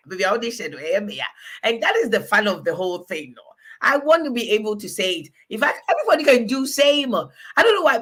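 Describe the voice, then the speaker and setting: A woman's voice: a little high, a bit bright, breathy edge. A woman in her forties chatting frankly as host, laughing often and switching languages mid-sentence. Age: 40s. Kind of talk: casual chat.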